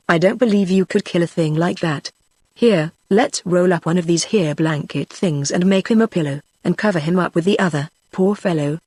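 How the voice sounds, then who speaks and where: A computer-generated narrator reads an adventure novel in a steady, even way, keeping the same voice for every speaker. The pitch sits in a middle range, and the sound is dry and close with no room around it. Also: dry recording. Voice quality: synthetic text-to-speech voice. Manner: even, unvarying reading of all characters. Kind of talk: scripted narration.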